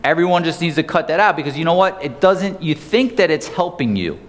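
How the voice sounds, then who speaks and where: Male sales trainer, fairly high voice, punchy live-seminar delivery, long hall echo. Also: fairly quick. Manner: energetic, conversational, asks the audience questions. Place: seminar room.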